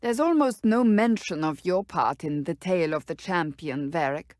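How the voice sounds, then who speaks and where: A woman's voice: lowish voice, animated, normal speed, a little mellow, no room sound, clean studio sound, lightly acted. An actress playing a stern, blunt female warrior in curt, formal video game companion dialogue. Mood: questioning.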